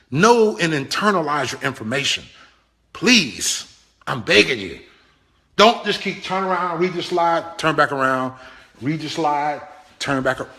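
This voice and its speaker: High bright guy, business trainer, keeps begging and repeating himself. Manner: animated, pleading, repetitive. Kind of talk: motivational business talk.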